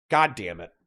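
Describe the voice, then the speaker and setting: A young man arguing bluntly and profanely in a heated online debate, reading out points and rebutting them quickly. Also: lowish voice, sharp tone. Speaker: debater and streamer.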